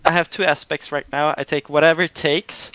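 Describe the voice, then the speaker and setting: A man describing his character's actions in a tabletop game, slowly searching for words. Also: on the high side, steady tone, a bit bright, smooth, no room sound, lo-fi sound. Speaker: player.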